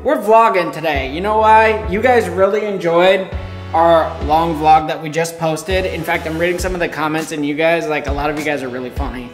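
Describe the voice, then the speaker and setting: A man's voice: fairly high pitch, normal speed, faint music behind. A man in his thirties hosting a casual family vlog, playful and teasing with his kids and pets. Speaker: family vlogger dad.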